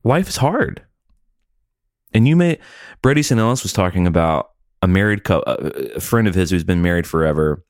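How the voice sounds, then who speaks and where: A middle-aged man co-hosting a podcast, chatting casually in rambling, profane, animated stories. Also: low voice, normal speed, dry recording, clean studio sound. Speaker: podcast co-host. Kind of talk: casual chat.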